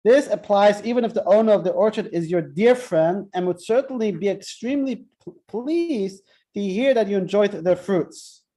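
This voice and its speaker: A man teaches a Torah class in a chatty, interactive style, cracking jokes and checking in with "right?" again and again. His voice is high and warm, at a moderate pace.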